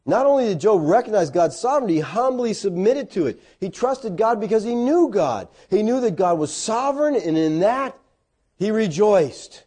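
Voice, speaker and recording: A middle-aged man preaching a sermon, his voice mellow and a little higher than most men's. He tells stories with folksy asides and self-deprecating humor, and his pitch swings widely as he talks. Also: normal speed. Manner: animated storytelling with sudden loud, high bursts.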